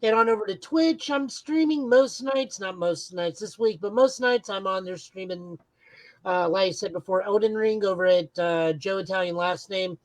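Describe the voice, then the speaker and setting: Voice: medium pitch, moderate pace, no room sound, rough recording. A podcast co-host chatting casually, plugging his streams with dry self-deprecating humor. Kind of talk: casual chat.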